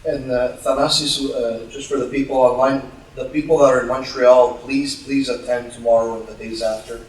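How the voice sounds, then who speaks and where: A man making friendly announcements at a workshop, with a voice of ordinary pitch. He is heard from far off in a very echoey hall, with a faint hum behind him. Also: level tone. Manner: friendly announcements, quick to laugh. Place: parish hall.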